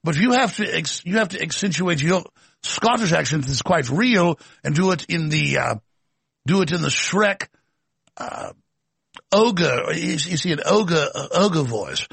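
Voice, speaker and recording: A male show host with a heavily gravelly, raspy voice, pitched a bit high for a man. He rants in a scornful, combative monologue. The sound is dry and close. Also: animated, a little slow, fairly bright tone, no room sound. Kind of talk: political commentary monologue.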